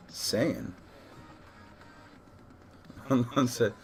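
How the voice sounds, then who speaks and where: A man's voice: mid-range voice, expressive, drawn-out words, creaky, pauses often, faint music behind. A man running a tabletop role-playing session as game master, casual and laughing, often correcting himself.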